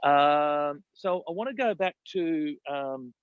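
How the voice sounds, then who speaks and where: A man's voice: fairly high pitch, expressive, takes it slowly, smooth, no room sound, lo-fi sound. A man, a business coach talking emphatically in casual podcast chat, often repeating himself and asking "right?".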